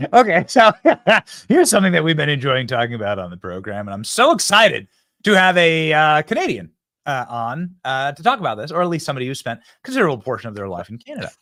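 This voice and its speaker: A man's voice: mid-range voice, quick pace, dry recording. Male host, bouncy voice all over the place, jokey, dry close mic. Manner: animated, chuckling, loose and joking. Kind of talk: political talk show interview.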